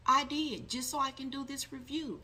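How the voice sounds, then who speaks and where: Emphatic woman vlogger with a bright voice. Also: high voice, fairly even intonation, moderate pace, slight background noise. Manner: emphatic, repeats herself, addresses viewers as guys. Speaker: tarot vlogger. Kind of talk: casual product review to camera.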